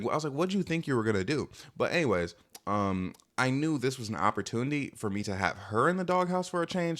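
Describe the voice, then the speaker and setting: Fast-talking young man telling a story. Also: on the low side, fairly bright tone. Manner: rambling, filler-heavy, self-assured. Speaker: vlogger. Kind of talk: storytime vlog.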